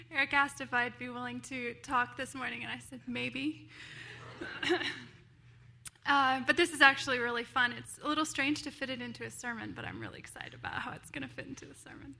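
A woman sharing a personal story during a church sermon, bubbly and quick to laugh, acting out the voices she quotes. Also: high voice, lively intonation, vocal fry, pushed and bright, slight background noise. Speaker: church member sharing a testimony.

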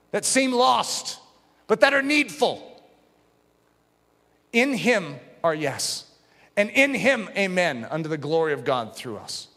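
A man preaching a sermon as pastor, impassioned, dropping to a hush and rising to shouts. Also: on the high side. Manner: impassioned, swings from hushed to shouting. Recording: long hall reverb.

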